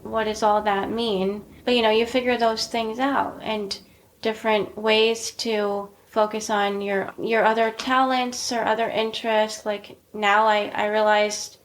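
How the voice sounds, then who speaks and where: A woman's voice: medium pitch, slight background noise. A woman in her forties hosting a casual podcast chat, chatty and encouraging, laughing easily. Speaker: podcast host.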